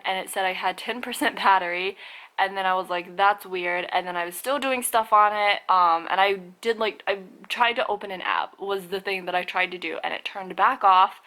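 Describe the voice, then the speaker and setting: A woman's voice: mid-range voice, pushed and bright, rough recording. A young woman vlogging at home, rambling and chatty with lots of fillers. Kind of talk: casual vlog chat. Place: home and garage.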